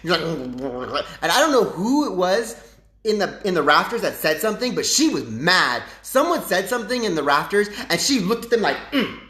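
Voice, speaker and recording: A man hosting a casual live stream with political commentary, talking in a chatty, animated way full of rambling asides into his phone's front camera. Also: high voice, moderate pace, roomy sound. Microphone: phone front-facing camera.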